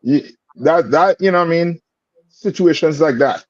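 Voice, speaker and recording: A male religious class teacher speaks at normal speed in a voice on the high side, captured in a dull, dry recording with no room sound. His phrasing is streetwise, and he keeps asking the same questions repetitively.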